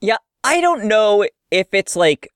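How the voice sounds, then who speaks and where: A co-host in a casual film chat, speaking in a dry, incredulous, deadpan way. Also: medium pitch, unhurried, clear, resonant tone, no echo. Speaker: podcast co-host.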